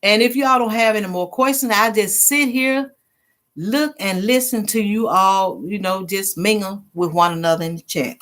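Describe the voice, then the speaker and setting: Speaking at a moderate pace, this livestream host has a mid-range voice with a bit of brightness and a drawl. The middle-aged woman keeps the chat with her viewers casual, laughing easily and reading their comments out loud.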